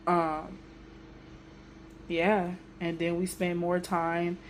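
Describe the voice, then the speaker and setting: A young woman telling a personal story on her vlog in a casual, emotional, animated way with everyday slang. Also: lowish voice, very slow, a little hiss or hum. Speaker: vlogger.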